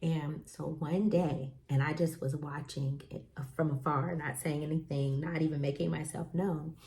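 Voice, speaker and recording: A woman's voice: low-pitched, steady tone, moderate pace, warm tone, slight background noise. A woman hosting a parenting talk, chatting casually and telling stories with lots of fillers. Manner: chatty, storytelling with lots of fillers and acted quotes. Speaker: podcast host.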